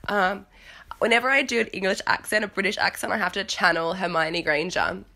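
A woman's voice: mid-range voice, brisk, pushed and bright. A woman recapping a reality show at home, talking in a frank, chatty way and swearing casually. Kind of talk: casual chat. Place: home with cats nearby.

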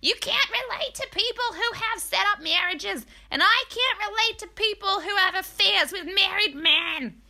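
A woman voicing a brash, tipsy woman with a shrill, high-pitched voice. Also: moderate pace, vocal fry, pushed and bright, full character voice. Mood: accusing.

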